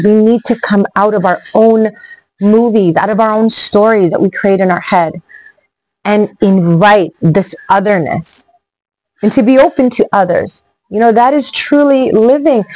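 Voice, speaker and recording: A woman's voice: mid-range voice, moderate pace, a little mellow, no echo, low-quality recording. A middle-aged woman giving an earnest, emphatic motivational talk to camera as a travel vlogger.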